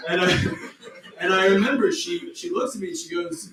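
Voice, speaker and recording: Brief: male comic, crude and self-mocking, slightly high voice, distant and echoey club sound. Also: a little fast, noisy background. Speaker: stand-up comedian. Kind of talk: stand-up set. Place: comedy club stage.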